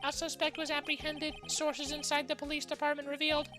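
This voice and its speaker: A woman voicing a formal TV news anchor with measured newsreader delivery. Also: high voice, monotone, music in the background, voice pushed up, lightly acted. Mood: newsy.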